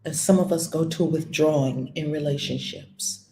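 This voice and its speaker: A woman giving a spiritual lesson as a teacher, blunt and animated, swearing casually. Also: deep voice, normal speed, a little hiss or hum. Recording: echoey room.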